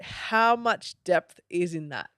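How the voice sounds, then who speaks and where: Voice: medium pitch, slow pace, clean tone, no echo, clean studio sound. A podcast host reflecting on a film in casual talk, acting out quotes and often checking in with "you know?". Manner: animated, acts out quotes, asks "you know?".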